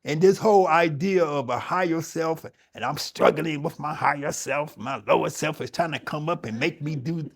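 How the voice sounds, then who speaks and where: A man's voice: a little high, normal speed, vocal fry, hardly any pauses. A middle-aged man teaching yoga, talking conversationally and emphatically to his audience, often restarting his sentences. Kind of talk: spoken talk to a yoga audience.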